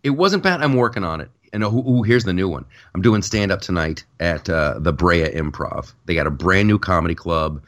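He talks with a deep, slightly bright voice, lively intonation, and hardly any pauses at a moderate pace. A sleep-deprived comedian on his own podcast, he rambles through a loose rant, repeating himself and starting over again and again.

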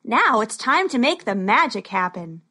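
A woman doing a loud cocky wizard man. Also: a little high, very animated, normal speed, exaggerated voice. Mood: brash. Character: brash cocky male wizard entertainer.

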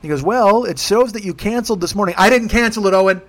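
A man's voice: high voice, fast talker. A man telling a profane, comic story as a rant, acting out the people he quotes in put-on voices. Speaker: podcast host.

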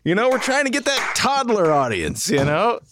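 A playful male co-host teases and steers the chat. His voice sits slightly high and moves in a lively way. A clear noise runs behind him. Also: moderate pace. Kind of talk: casual talk show chat. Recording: noisy background.

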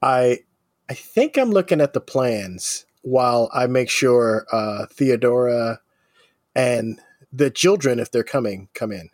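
A man playing a tabletop game, speaking quickly with some stammering. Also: medium pitch, expressive, no room sound, clean studio sound. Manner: quick, hesitant. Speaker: player. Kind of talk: casual tabletop game play.

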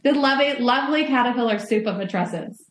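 A woman's voice: on the high side, fast, reverberant. A woman motherhood coach speaking candidly in a podcast interview, swearing casually and talking in metaphors.

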